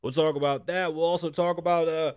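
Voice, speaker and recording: A man's voice: fairly high pitch, steady tone, a little fast, darkish tone, clear, resonant tone, no room sound. A young man hosting a show from his studio in a casual, profane, joking chat, mimicking the voices of people in his stories. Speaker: podcast host. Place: home studio. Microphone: studio mic, live recording.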